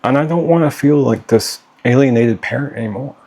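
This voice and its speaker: A man's voice: mid-range voice, brisk, darkish tone. A middle-aged father speaking straight to camera to his children, earnest and pleading, often checking in with "okay?". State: getting hot and worked up. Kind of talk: direct-to-camera personal vlog.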